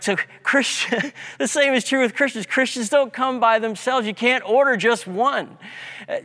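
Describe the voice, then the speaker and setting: A man's voice: high-pitched, a bit bright. A man preaching a sermon as pastor, emphatic and repeating key words for effect. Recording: long hall reverb.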